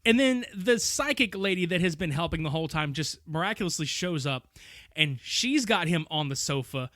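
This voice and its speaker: A man with a bright, high voice that swings up and down a lot as he retells a movie on a podcast. He laughs easily and slips into quick character voices. The sound is close and dry. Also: animated, dry recording. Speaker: podcast co-host. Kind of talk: casual film-review chat.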